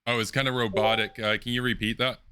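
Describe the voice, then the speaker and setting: A man hosting an online political debate, speaking in a measured way with many filler ums and uhs. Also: mid-range voice, little pitch movement, sharp tone. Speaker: debate host.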